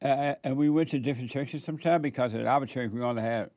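A preacher from Alabama, chatting casually and asking quizzical, teasing questions. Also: male voice, medium pitch, fast, darkish tone, no room sound. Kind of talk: casual conversation.

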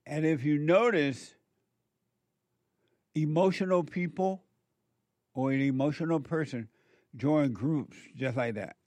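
Slow, emphatic moralizing man. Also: on the high side, a little mellow, dry recording. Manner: slow, emphatic, repeats words for stress. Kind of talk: moralizing monologue.

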